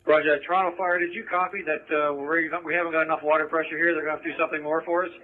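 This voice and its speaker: A man serving as fire incident commander, calling crews over a handheld radio in brisk, clipped bursts. His fairly high voice comes through tinny scanner audio with a thin, phone-like band. He asks for updates and restarts his sentences as he goes. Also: flat delivery. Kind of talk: fire radio dispatch traffic.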